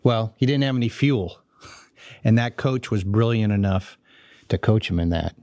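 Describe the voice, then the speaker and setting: A man's voice: fairly low pitch, unhurried, darkish tone, dry recording, studio quality. A man co-hosting a panel talk, summing up a point with a simple analogy and passing the question on. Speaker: podcast co-host. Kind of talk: casual panel discussion.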